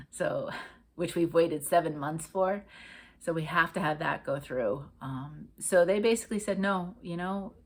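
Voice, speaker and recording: A woman's voice: low voice, unhurried, slightly rough. A middle-aged woman from Connecticut hosting a cross-stitch vlog, chatting in a rambling way with lots of fillers and restarts. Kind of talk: casual chat.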